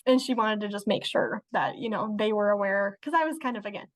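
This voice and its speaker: A young woman, appearing as an interview guest, tells a personal story in casual conversation at a slightly fast pace and medium pitch. She's chatty, uses lots of fillers, and laughs as she goes.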